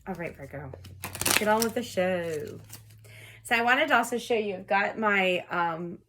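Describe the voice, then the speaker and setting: A woman's voice: medium pitch, moderate pace, background noise. A woman in her thirties giving a casual tarot reading at home, chatty and rambling, laughing often and talking to viewers like friends. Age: 30s. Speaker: tarot reader.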